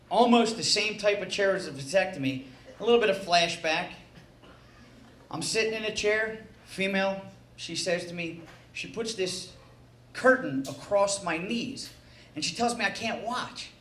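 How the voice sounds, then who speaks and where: Male stand-up comic with a very high voice, profane and exasperated, echoey club with loud crowd noise. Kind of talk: stand-up comedy set. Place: nightclub stage.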